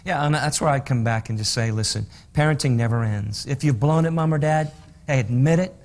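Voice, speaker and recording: A man's voice: medium pitch, a little fast, a little mellow. A man on a talk show giving earnest, encouraging advice to parents in a preachy way. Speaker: co-host, counselor.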